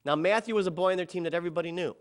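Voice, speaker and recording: Racing along in a high voice, a middle-aged man dramatically recounts something that happened to him at a kids' ball game, shifting to softer or louder tones when he quotes people.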